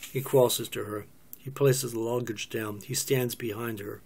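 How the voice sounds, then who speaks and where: Gravelly male reader, cold reading a play, matter-of-fact stage directions. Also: medium pitch, steady tone, measured pace, a little mellow. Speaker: script reader.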